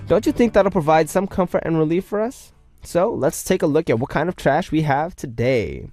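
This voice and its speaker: A man's voice: a little high, lively intonation, moderate pace, darkish tone, no echo, faint music behind. A young man hosting a radio show, reading out listener messages in a playful, chatty way and joking about himself.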